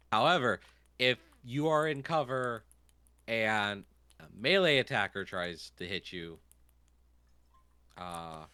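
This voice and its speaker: Game master, male, low bright voice, dry close sound, rambling. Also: dry recording. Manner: rambling, many fillers. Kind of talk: narrating a tabletop game.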